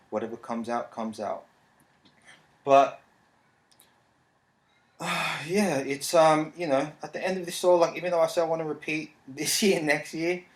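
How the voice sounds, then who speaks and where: Brief: man, 30s, podcast host, rambling and relaxed, mid pitch, echoey room. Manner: rambling, relaxed, frequent fillers. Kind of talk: casual solo podcast talk. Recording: roomy echo.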